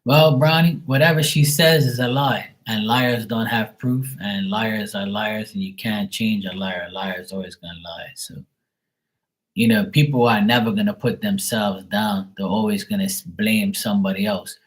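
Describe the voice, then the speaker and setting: A man's voice: fairly low pitch, fairly even intonation, normal speed, low-quality recording. A man chatting casually on a live tarot stream, blunt and swearing freely. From Bermuda.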